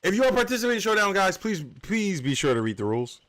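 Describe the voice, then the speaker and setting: A man's voice: high-pitched, big pitch swings, fast talker, a bit bright. A man hosting a livestreamed game tournament, explaining the rules with joking asides. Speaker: tournament host and caster.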